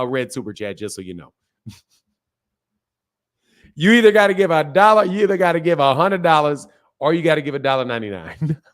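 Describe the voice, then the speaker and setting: A man hosting a live boxing call-in stream, talking casually in a loose, joking, slangy way and laughing often. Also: sits high. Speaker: boxing show host.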